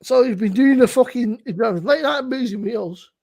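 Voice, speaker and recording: A woman chatting live on a beer stream, her voice gravelly and breathy, pitched a touch high. She ribs her mates loudly and swears freely, in relaxed, boozy banter. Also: brisk. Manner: teasing, sweary, loud. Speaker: beer review co-host.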